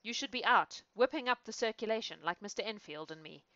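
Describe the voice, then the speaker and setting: A woman's voice: medium pitch, lively intonation, a little fast, a bit bright, dry recording, muffled recording, pitched above the performer's own voice, natural voice. A woman reading the lines of an earnest, kindly lawyer in a storybook reading, in her own voice.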